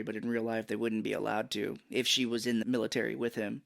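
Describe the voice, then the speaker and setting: A man's voice: fairly low pitch, flat delivery, fast talker, gravelly, dry recording, clean studio sound. A man co-hosting a movie podcast in casual chat, wry and swearing freely. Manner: wry, swears freely, acts out film lines. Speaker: podcast co-host.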